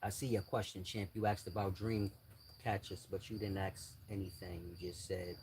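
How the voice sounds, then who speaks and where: A man's voice: sits low, little pitch movement, moderate pace, darkish tone. An older man, speaking bluntly in street slang to his viewers in a casual monologue. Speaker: channel host giving advice. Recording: faint insect and cricket noise. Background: crickets and insects faintly.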